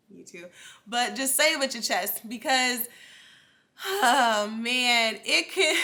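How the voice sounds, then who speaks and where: A woman's voice: a little high, bright, forceful tone. A young adult woman hosting her own podcast, talking casually and encouragingly straight to her listeners, with frequent restarts and asides. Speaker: podcast host. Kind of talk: casual solo podcast talk.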